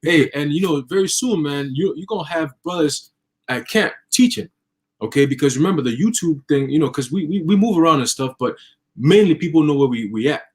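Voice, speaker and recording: A man in a casual religious conversation, telling stories with lively acted-out quotes. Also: on the high side, fairly quick. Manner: animated storytelling, acting out imagined people. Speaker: religious discussion participant.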